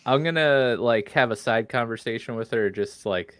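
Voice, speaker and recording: A man playing a tabletop game chats casually, using lots of fillers and searching for words. His voice is mid-range, clear, and resonant at normal speed, in a dry recording.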